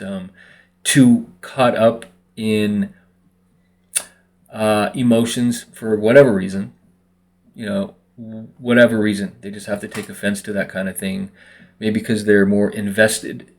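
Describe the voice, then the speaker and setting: Easygoing rambling man, lowish voice. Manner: relaxed, rambling with many fillers. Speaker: vlogger. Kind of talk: casual monologue to camera.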